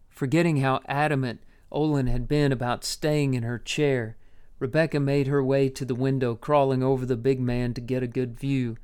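A man reading a story aloud in measured, unhurried audiobook narration. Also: medium pitch, level tone, darkish tone, clean tone.

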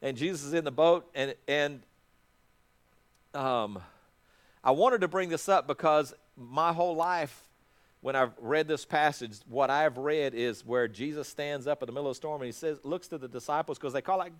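A man's voice: fairly high pitch, normal speed. A middle-aged man, a pastor, preaching a sermon in a conversational way, often restarting his words.

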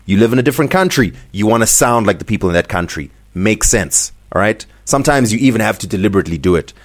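A man from Zimbabwe co-hosting a podcast, ranting in a casual, animated way and laughing often. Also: lowish voice, fast talker. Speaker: podcast co-host.

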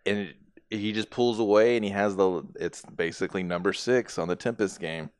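A man's voice: on the low side, steady tone, normal speed, darkish tone, clean tone. A man co-hosting a casual chat, recapping a show, laughing often and swearing as he acts out the lines. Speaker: podcast co-host.

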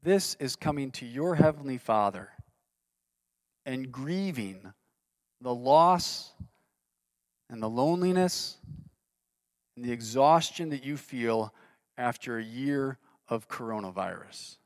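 A man's voice: mid-range voice, animated, takes it slowly, long pauses, no echo. A man preaching a sermon in an earnest way, reading scripture aloud with rising intensity. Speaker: pastor.

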